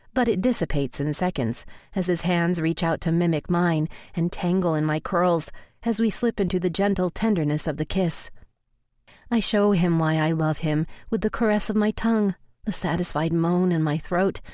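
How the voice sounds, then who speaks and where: A woman's voice: on the low side, darkish tone, no room sound, clean studio sound. Intimate woman narrating a romance audiobook. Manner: intimate, emotional reading.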